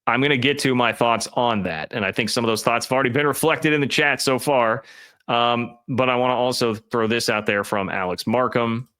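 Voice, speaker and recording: A man's voice: mid-range voice, steady tone, brisk, sharp tone, clean tone. A man giving emphatic, opinionated college football commentary, talking directly to his chat viewers.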